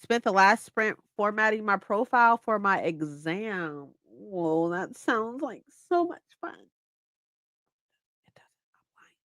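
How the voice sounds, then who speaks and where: A woman's voice: medium pitch, lively intonation, a little slow, hardly any pauses, fairly bright tone, dry recording. A woman in her twenties casually chatting on a livestream, playful and mock-dramatic as she reads her chat aloud. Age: 20s. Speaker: livestream host.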